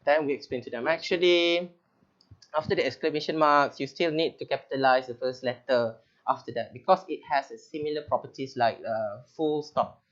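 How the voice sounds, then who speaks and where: A man's voice: medium pitch, fairly quick, highs cut off. Chatty Malaysian man teaching writing. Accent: Malaysian English. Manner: chatty, joking, explanatory. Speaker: teacher trainer.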